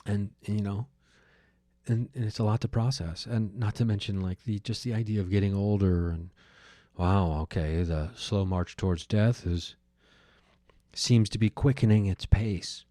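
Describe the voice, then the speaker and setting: A man's voice: on the low side, steady tone, a little slow, mellow, no room sound, studio quality. A man hosting his own podcast, telling a personal story in a reflective, musing way with many fillers and restarts. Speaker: podcast host. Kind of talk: reflective solo monologue.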